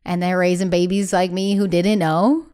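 A young woman, a podcast guest, telling her own story candidly and acting out what family members said in quick bursts. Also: fairly low pitch, flat delivery, warm tone, smooth. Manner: acts out quoted family speech, breathless bursts.

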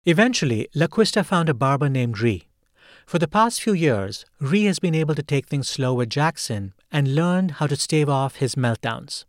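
A man hosting a podcast, narrating a scripted story in a calm, measured way. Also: a little high, dry recording, clean studio sound. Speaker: podcast host.

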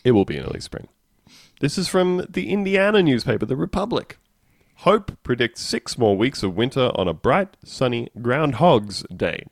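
A man's voice: mid-range voice, sing-song, normal speed, no echo. A man co-hosting a comedy podcast, reading out news stories wryly and laughing between them. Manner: wry, laughing, reads news stories in a dry voice. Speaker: podcast co-host. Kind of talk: casual comedic chat, reading news aloud.

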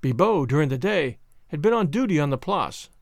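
A male audiobook narrator reads a classic novel in a fairly high voice with lively, expressive intonation. The sound is dry and close, with no room echo. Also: brisk. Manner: expressive reading.

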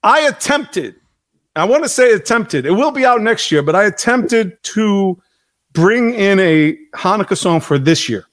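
A man hosting a casual chat, animated and joking, with some swearing. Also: high voice, measured pace. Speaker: host.

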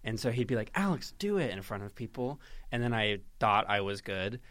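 A man's voice: lowish voice, fairly even intonation, fairly quick, a bit bright, no echo. A man co-hosting a casual chat podcast, telling stories dryly and laughing easily. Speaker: podcast co-host.

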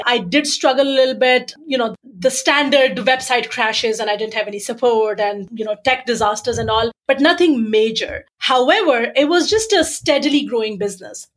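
A woman's voice: on the high side, low-quality recording. A woman with a South Asian accent, telling stories as an interview guest in a brash, joking way. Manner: brash, joking, animated storyteller. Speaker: guest, business coach. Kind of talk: casual interview talk.

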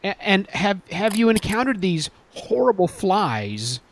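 A man's voice: sits high, very animated, a little slow, slight background noise. A man hosting a casual podcast chat, making wry, jokey remarks. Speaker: podcast host.

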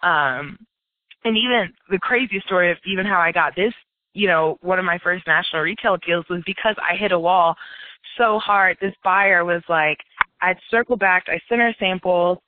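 A woman's voice: fairly low pitch, normal speed. A woman, a company founder, chatting as an interview guest, filling her talk with "like" and "you know" and laughing often. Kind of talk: casual interview chat. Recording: tinny phone-like line, dry.

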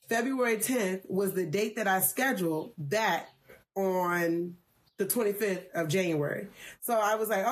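A woman in her thirties speaks to her livestream viewers in a slightly low voice. She tells a personal story earnestly and with emotion, pausing often to collect herself. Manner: earnest, emotional and reflective, with frequent "um" pauses.

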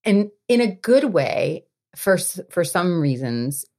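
A woman's voice: lowish voice, big pitch swings, slow, a little mellow. A woman, an actress appearing as a podcast guest, talking casually and rambling with lots of filler words. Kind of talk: casual interview chat.

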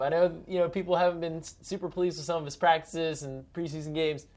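A man's voice: fairly high pitch, a little fast, hardly any pauses. A man co-hosting a casual sports podcast, trading playful, teasing and boastful banter. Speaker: podcast co-host.

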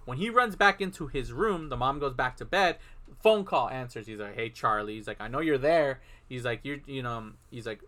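A man's voice: mid-range voice, big pitch swings, a little fast, sharp tone. A man in casual chat, animatedly retelling a film plot and acting out the characters' lines.

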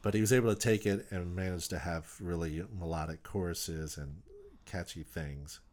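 Man, lowish voice, musician guest, rambling casual interview talk, lots of "like". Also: moderate pace, a little hiss or hum. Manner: animated, rambling, many "like"s and restarts.

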